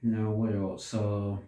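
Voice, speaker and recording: Man, casual film review, slow and halting, low mellow voice, roomy echo, away from the mic. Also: distant mic. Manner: unhurried, pauses and restarts often. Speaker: movie reviewer.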